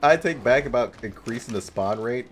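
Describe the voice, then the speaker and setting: A young man giving casual gameplay commentary as a streamer, excitable, laughing often and yelping and swearing at enemies. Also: medium pitch, moderate pace, faint music behind. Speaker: gaming streamer.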